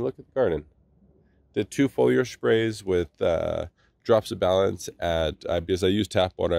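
Congested guy rambling about his garden, real low gravelly voice, dry sound. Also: a little mellow, no room sound. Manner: rambling, enthusiastic, many restarts. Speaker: gardening channel host. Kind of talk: casual garden vlog.

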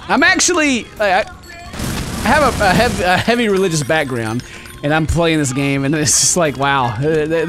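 High, lively excitable gaming host man. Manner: excitable, yells at enemies, laughs often. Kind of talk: let's play commentary.

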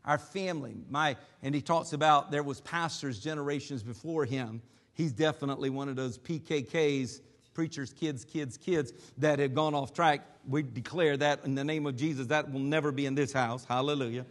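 A male pastor telling a story in a sermon, pausing often with filler sounds. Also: on the high side, a bit bright, in a large hall. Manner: hesitant with many filler sounds.

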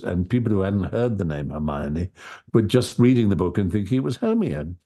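A man with a low, husky voice and a dark, mellow tone, talking as an interview guest. He tells relaxed stories in an articulate way and keeps circling back to restart his sentences. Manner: articulate storyteller, halting with frequent restarts. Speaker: interview guest, audiobook narrator. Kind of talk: relaxed anecdotal conversation.

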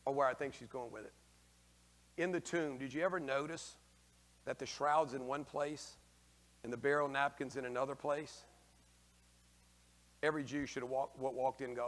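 A male priest giving a lively, folksy homily, taking questions from the congregation and acting out the figures in raised voices. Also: medium pitch, normal speed, long pauses, big-room sound. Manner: folksy, slangy asides. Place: church.

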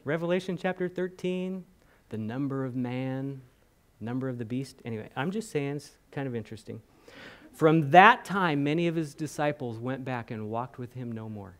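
A man's voice: mid-range voice, normal speed. A man preaching a sermon in a church, retelling scenes with chatty asides and acted-out quotes. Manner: animated storytelling, voicing the crowd and speaking in asides. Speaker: pastor.

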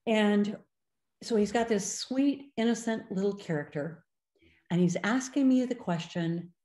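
A middle-aged woman giving a conference presentation, explaining in a measured way with frequent ums. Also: medium pitch, dark tone. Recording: roomy echo.

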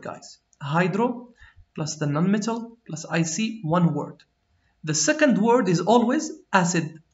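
High-voiced teacher in a roomy, dull recording. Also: male voice. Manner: explains step by step, checks understanding with "okay?". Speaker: chemistry teacher. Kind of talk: classroom lesson mixing English and Arabic. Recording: roomy, slightly dull lo-fi sound.

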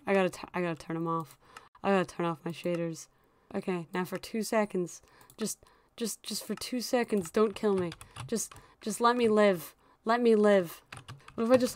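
A young woman giving casual, chatty commentary while she plays a video game, often breaking into excited squeals and laughter. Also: fairly low pitch. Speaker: gaming YouTuber.

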